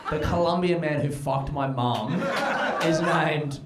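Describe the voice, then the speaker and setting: A man's voice: on the high side, a little slow, heavy background noise. A young Australian man doing stand-up comedy and crowd work, brash and profane, often laughing at his own jokes. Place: comedy club stage. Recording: roomy live club sound with crowd. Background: audience laughter.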